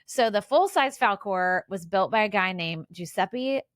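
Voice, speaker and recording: Woman, forties, podcast co-host; chatty trivia-sharer, lots of fillers, very expressive pitch, dry close sound. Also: a little slow, no echo. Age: 40s. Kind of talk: casual chat.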